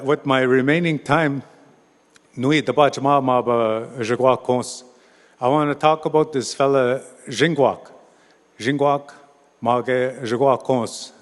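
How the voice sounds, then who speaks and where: A man's voice: medium pitch, in a large hall. A man telling an oral story at a gathering, informal, restarting words and tossing in "eh". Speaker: storyteller and speaker at a treaty gathering.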